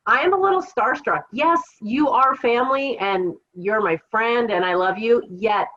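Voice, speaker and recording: A woman from Washington State's Kittitas Valley tells her life story as a podcast guest, reflective and unhurried with some fillers. The sound is slightly dull and lo-fi, like a remote call line. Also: on the high side, a bit bright. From Kittitas Valley, Washington, USA. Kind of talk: casual interview storytelling.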